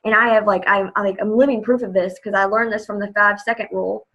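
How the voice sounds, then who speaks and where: A woman's voice: mid-range voice, steady tone, fast, a bit bright, muffled recording. A young woman leading her team on a video call, upbeat and chatty, full of "like" and "you know". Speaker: team leader. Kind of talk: motivational video call talk.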